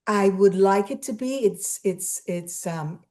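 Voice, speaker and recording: A woman's voice: mid-range voice, takes it slowly, darkish tone. A woman from Trinidad, a guest on a radio interview, telling stories animatedly and acting out the dialogue she quotes. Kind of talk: casual interview chat.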